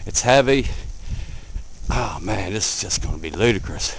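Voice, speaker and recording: A man filming outdoors in a blizzard on a handheld camera, giving excited casual commentary, cold and a bit out of breath. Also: lowish voice, moderate pace, slight background noise, poor audio. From Delaware, USA. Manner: excited, repeats himself, calls viewer man. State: out of breath, face numb from cold. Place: outdoors in a blizzard, wind and snow. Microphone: handheld camera mic.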